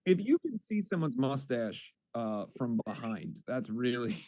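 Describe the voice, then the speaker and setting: A man's voice: mid-range voice, very animated, a little slow, darkish tone. A man in his thirties hosting a casual chat, riffing with dry jokes. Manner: dry, joking riffs. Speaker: host.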